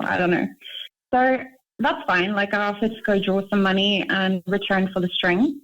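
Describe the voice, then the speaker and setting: A young woman calling in, chatting casually and leaning on fillers as she tells her story. Her voice comes through a dull, lo-fi call line, at a middle pitch for a woman. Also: fairly even intonation, moderate pace, a bit bright. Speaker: caller.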